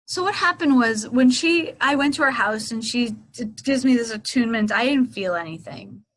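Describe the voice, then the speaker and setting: A middle-aged woman with a fairly high voice tells a personal story as an interview guest. She is animated and slips into the voices of past conversations as she goes. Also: normal speed, low-quality recording. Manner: animated, acts out past dialogue. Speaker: Reiki teacher and author, guest.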